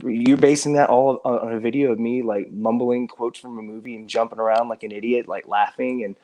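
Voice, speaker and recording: Halting, exasperated man on a live stream. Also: mid-range voice, steady tone, mellow. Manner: halting, with many restarts and repeated words; earnest and exasperated. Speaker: guest defending himself on a live stream. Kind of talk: casual live-stream talk.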